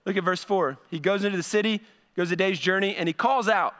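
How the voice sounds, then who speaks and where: A male pastor with a high, light voice delivers his sermon in a church sanctuary. His speech is conversational, and he doubles back on words as he builds toward a point. The sound carries a long reverb from the hall. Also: fairly quick, a bit bright.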